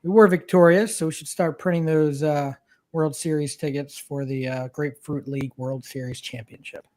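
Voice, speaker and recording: Man co-host, somewhat high voice, lots of ums, casual sports chat over a call. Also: normal speed. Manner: relaxed, hesitant with many fillers. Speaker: podcast co-host. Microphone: remote video call.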